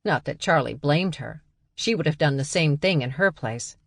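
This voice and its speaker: A woman narrating an audiobook in even, measured storytelling. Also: deep voice, vocal fry, dry recording, studio quality.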